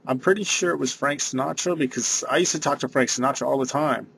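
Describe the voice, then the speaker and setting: A man's voice: medium pitch, quick pace, vocal fry, fairly bright tone, slight background noise. A man, rambling through a casual vlog monologue and saying "dude" a lot. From San Diego area. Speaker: vlogger.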